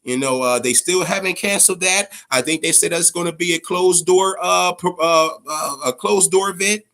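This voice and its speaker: A man hosting a boxing talk show, ranting in a profane, casual way, stammering and swinging between a low grumble and loud outbursts. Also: normal speed. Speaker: boxing podcast host.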